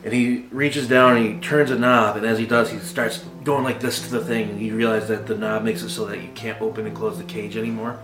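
Brief: male game master, casual halting narration, roomy sound, guitar bed. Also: fairly low pitch, level tone. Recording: echoey room with guitar music.

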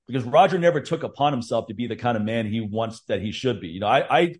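A man's voice: medium pitch, lively intonation, fast, a little mellow, breathy edge. A man hosting a podcast, talking candidly and rambling, with frequent swearing and restarts. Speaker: podcast host. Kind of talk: casual podcast chat.

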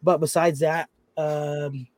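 A man's voice: on the high side, level tone, takes it slowly, darkish tone, dry recording. A man co-hosting a casual podcast chat, easygoing and agreeable. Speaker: podcast co-host.

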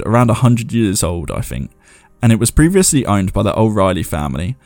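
His lowish, slightly mellow voice comes through a dry recording. He's hosting a show, casually commenting and reading viewers' ghost stories aloud, chuckling at himself along the way.

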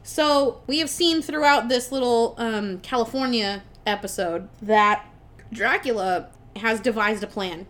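A young adult woman co-hosting a podcast, casually recapping a movie plot with lots of swearing and laughter. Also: fairly high pitch. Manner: animated, swears freely, laughs while retelling. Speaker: podcast co-host.

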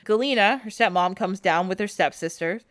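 Brief: podcast host, woman, medium pitch, chatty and animated storyteller, dry close mic. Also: moderate pace, no room sound. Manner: animated retelling with frequent laughs and "like". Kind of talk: casual storytelling chat.

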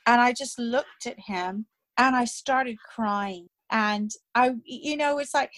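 A woman's voice: a little high, takes it slowly, fairly bright tone. A woman guest telling a personal story in a conversational way, hesitant, with frequent fillers and restarts.

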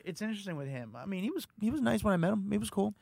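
A man spins rapid-fire anecdotes in a relaxed conversation, his slightly high voice carrying a gravelly edge. He throws himself into the people he quotes and jumps in pitch to play them. The sound is dry and close. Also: dry recording. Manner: animated, acts out quotes with big pitch jumps. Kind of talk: casual storytelling chat.

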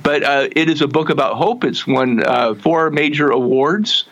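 A man, a guest in an interview, telling his life story earnestly and haltingly, with frequent restarts and slowing down to stress his message. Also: fairly high pitch, fairly bright tone, lo-fi sound.

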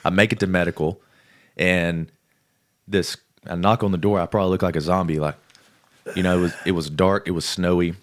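Deep-voiced man telling a story. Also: a little fast. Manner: lively, acts out the people he quotes. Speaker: podcast guest. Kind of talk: casual storytelling.

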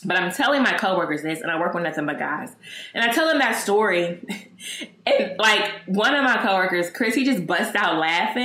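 A woman talks through a personal story on her podcast in a loose, casual way, acting out what people said and swearing freely. Her voice sits at an ordinary middle pitch. It rings in a roomy, echoing space. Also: moderate pace. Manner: animated, acts out remembered dialogue, swears freely. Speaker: podcast host. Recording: echoey room.

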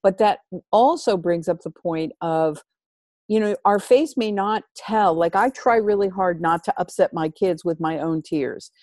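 A woman's voice: on the low side, measured pace, a little mellow, no echo. Earnest woman, dry close sound. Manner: earnest, emphatic, coaching tone. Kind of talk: casual conversation.

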